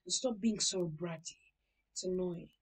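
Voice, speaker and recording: A woman's voice: fairly low pitch, unhurried. Stern scolding masked guard woman, voiced by the narrator.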